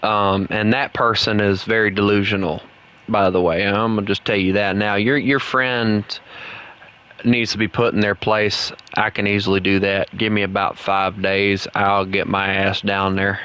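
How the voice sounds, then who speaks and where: On a low-quality recording, a man with a Southern US accent chats casually while streaming a game, rambling and opinionated, given to blunt, heated rants. His fairly low voice is sharp and smooth, with little pitch movement and a moderate pace.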